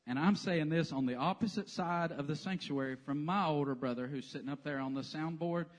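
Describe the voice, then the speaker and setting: A man's voice: fairly high pitch, fairly quick. A man preaching a sermon in a church sanctuary, telling the story with humor. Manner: animated, joking storyteller. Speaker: pastor.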